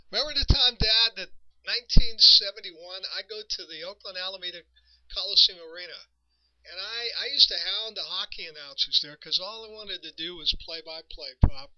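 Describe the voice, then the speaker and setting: A man's voice: high-pitched, normal speed, pushed and bright, muffled recording. A man hosting a radio show, telling rambling, chuckling anecdotes. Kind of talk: nostalgic storytelling monologue.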